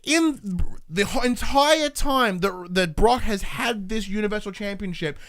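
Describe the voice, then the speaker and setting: A man with a high-pitched voice argues his case on a podcast, peppering it with curses and breaking off sentences to start again. He sounds casual and worked up. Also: unhurried, a bit bright. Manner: swearing often, restarting sentences mid-thought. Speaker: podcast co-host.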